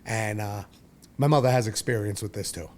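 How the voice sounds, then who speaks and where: A Brooklyn man in his forties, appearing as a podcast guest, tells his own story bluntly, profanely and with lots of rambling. His voice is fairly low and a little mellow, his pace moderate, and a faint hiss or hum sits under the recording.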